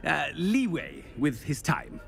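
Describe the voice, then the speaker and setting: An actor playing a vain, pompous middle-aged headmaster who talks in a haughty, flustered way. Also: male voice, on the high side, wildly swooping pitch, slow, gravelly, faint music behind, heavily acted.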